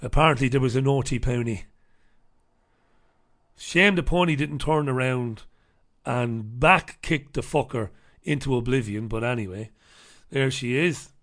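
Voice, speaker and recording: Sarcastic ranting man, gravelly voice. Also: mid-range voice, a little slow, long pauses, fairly bright tone. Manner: sarcastic, combative, swears freely. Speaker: talk show host. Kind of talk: ranting monologue and newspaper review.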